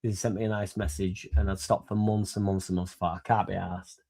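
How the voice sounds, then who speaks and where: Young lad, fan-channel host, tipsy and sweary, mellow tone, loose and rambling. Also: male voice, sits low, level tone, brisk, creaky. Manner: rambling, sweary and laddish, laughing between lines. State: a bit drunk. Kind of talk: casual livestream chat.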